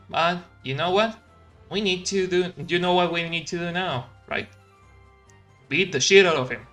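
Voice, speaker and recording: A streamer casually commenting on a video game, swearing and joking loudly. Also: medium pitch. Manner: crude, joking, loud outbursts. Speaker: let's play streamer.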